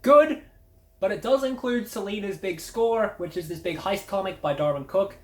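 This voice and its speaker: Woman, mid-pitched, blunt and sardonic, swears freely; roomy room sound. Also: moderate pace, a little mellow. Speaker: media review host. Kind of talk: casual spoken review. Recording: roomy echo.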